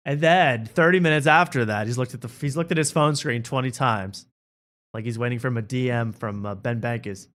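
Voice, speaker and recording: A man's voice: medium pitch, a little fast, a bit bright. A man hosting a talk show, riffing in a rambling, joking way. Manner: rambling, riffing, laughs at own bits. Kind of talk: casual comedic chat.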